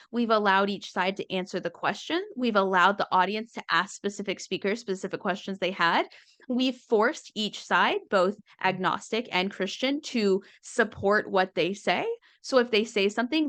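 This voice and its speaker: A woman's voice: medium pitch, a bit bright, no echo. Wry conversational woman, dry sound. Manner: conversational and wry, slipping into quick impressions. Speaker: comedian and speaking coach. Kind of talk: casual talk with acted-out quotes.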